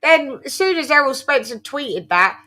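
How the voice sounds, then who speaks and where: A woman hosts a casual boxing chat with a bright, ringing voice pitched a little high. She talks in an animated, playfully over-the-top way, tripping over her words and restarting often. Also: moderate pace. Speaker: boxing show host.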